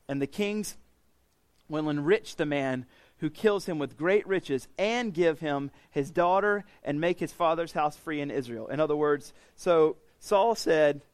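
A male preacher teaching through scripture, his voice sitting a touch high for a man. He talks in a loose, conversational way, paraphrasing the passage in everyday words and often restarting his phrases. The sound is close and dry, with no room echo. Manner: frequent restarts and repeated words. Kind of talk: sermon, Bible teaching.

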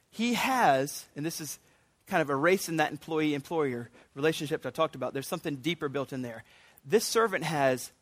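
A man preaching a sermon, animated and earnest, often restarting his sentences. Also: on the high side, no room sound. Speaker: pastor.

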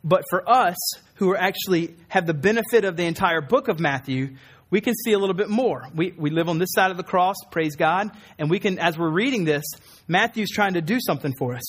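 High-voiced preacher teaching earnestly. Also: male voice, a little fast, slightly rough. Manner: earnest, repeats key phrases for emphasis; acts out quoted voices in a raised tone. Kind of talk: sermon teaching.

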